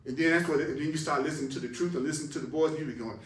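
A man's voice: a little high, rapid-fire, few pauses, a little hiss or hum. A man teaching a spiritual class emphatically, repeating phrases for stress. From United States. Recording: echoey room, voice far from mic.

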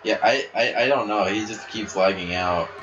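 A man giving play-by-play commentary on a wrestling video game, excitable and breaking into shouts at big moves. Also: lowish voice, moderate pace, lo-fi sound. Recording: steady background noise.

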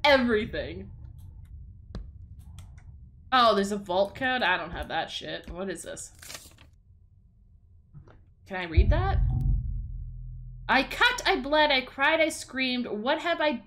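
A woman's voice: on the high side, expressive, slow pace, pauses often, a bit bright, a little hiss or hum. A young woman streaming a horror game, jumpy and tense, swearing and talking to herself and her chat. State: tense and sweaty. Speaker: gaming streamer. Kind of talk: horror game playthrough commentary.

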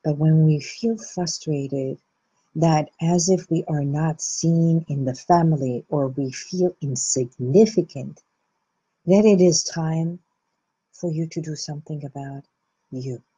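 A woman with a low, husky voice hosts a reflective self-help talk. She speaks slowly and gently, letting her words settle between soft pauses. The recording sounds dull and lo-fi. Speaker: host.

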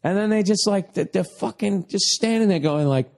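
A man's voice: high voice, normal speed, vocal fry, few pauses. Profane ranting comedian in his forties. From United States. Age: 40s. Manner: exasperated, yelling, heavy swearing. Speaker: comedian podcast host. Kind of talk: profane comic rant.

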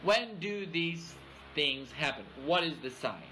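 Male pastor, high and bright voice, expository sermon with "all right?" check-ins, faint noise. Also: expressive, unhurried, rough recording. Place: church.

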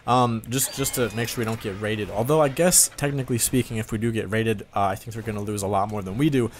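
A man in his twenties hosting casual gameplay commentary, chatty and rambling, with a voice starting to go hoarse. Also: fairly low pitch, fast, slight background noise. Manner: chatty, rambling, talks straight to viewers. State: voice going hoarse. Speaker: gaming channel host.

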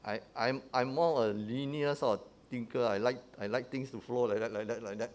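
A man's voice: mid-range voice, steady tone, a little fast, darkish tone. A man teaching a sermon in a conversational way, often checking in with the congregation with "huh?" and "right?" and restarting his phrases. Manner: often restarts and repeats words.

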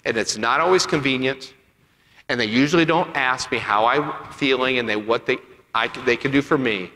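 A male pastor preaching a sermon, acting out dialogue and swinging between loud passages and soft ones. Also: medium pitch, normal speed. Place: church sanctuary. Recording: church hall with long reverb.

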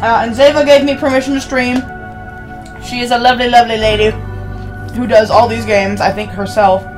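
A woman's voice: on the high side, flat delivery, a little fast, over music. A woman, chatting casually and rambling to her viewers while streaming a game. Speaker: streamer playing a visual novel. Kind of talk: casual live-stream chat.

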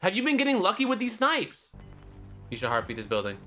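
High, lively young man trash-talking. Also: a little fast, soft background music. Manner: profane trash-talking, barks repeated warnings at the player. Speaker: gaming YouTuber. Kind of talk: casual spectating commentary.

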